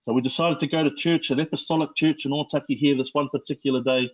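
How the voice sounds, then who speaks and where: A middle-aged man with a New Zealand accent, telling his life story as a podcast guest in a slow, reflective way with many fillers. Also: a little high, fairly even intonation, dull audio. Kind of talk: personal testimony.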